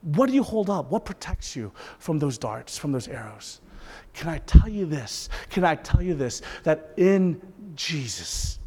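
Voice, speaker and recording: A man preaching a sermon as a pastor, impassioned, swinging between intense peaks and soft, hushed asides. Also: fairly high pitch, lively intonation, normal speed. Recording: long reverb of a large hall.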